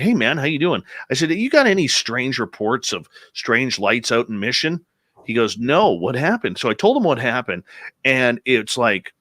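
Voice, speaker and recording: A man's voice: mid-range voice, dry recording. A man from Canada, a radio host, telling a story in casual chat and quoting the people in it. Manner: animated storyteller, quotes people in his tales.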